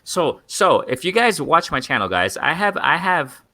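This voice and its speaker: A man's voice: a little high, big pitch swings, moderate pace, pushed and bright, no room sound. A young man hosting a live boxing stream, rambling and repeating himself as he keeps calling out to his viewers as "guys.". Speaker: boxing channel host. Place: in Mexico.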